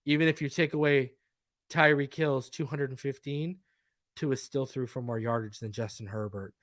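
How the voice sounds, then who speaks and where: A man's voice: a little high, normal speed. A man hosting a live post-game fan stream, talking in a hyped, crowing way. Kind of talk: live sports fan show chat.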